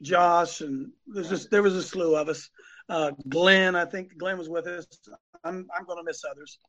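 A man's voice: high-pitched, steady tone, normal speed, fairly bright tone. A man preaching emphatically as host of a live talk show, repeating his points and calling on co-hosts by name. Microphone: phone.

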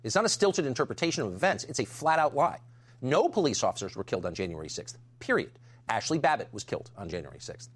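Emphatic male commentator, fast and lively. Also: medium pitch, breathy edge. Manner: indignant, emphatic. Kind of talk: scripted monologue.

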